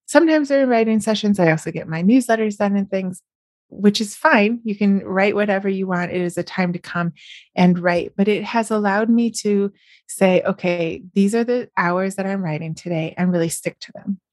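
A woman's voice: mid-range voice, normal speed, darkish tone, dry recording, studio quality. A middle-aged woman, chatting on her podcast in a casual, upbeat way and often smiling as she talks. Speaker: podcast host and novelist. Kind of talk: casual solo podcast chat.

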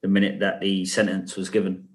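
Deep monotone male interviewer, halting questions.

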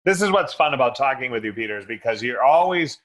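A man hosting an interview who sums up points and frames the next questions in a measured way. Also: medium pitch, lively intonation, fairly bright tone, poor audio. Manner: measured, summarizing and framing questions. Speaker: podcast host.

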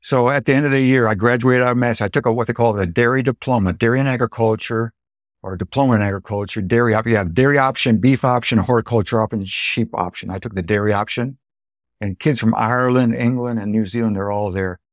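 A man's voice: mid-range voice, quick pace, no room sound, clean studio sound. A man in his seventies from Illinois, a dairy farmer telling stories from his life, acting out the quoted voices. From Illinois, United States. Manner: animated storyteller, acts out quoted dialogue. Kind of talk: storytelling interview.

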